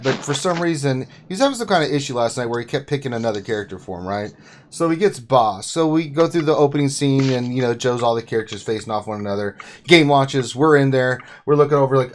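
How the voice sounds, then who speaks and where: A man hosting a casual livestream chat, telling stories in an excitable way and laughing often. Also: medium pitch, a little hiss or hum. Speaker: host.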